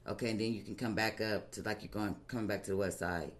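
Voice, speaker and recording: Woman guest, casual storyteller, lively slangy delivery, frequent laughs. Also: very deep voice, fast. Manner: animated, laughing often, plain-spoken slang. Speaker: podcast guest.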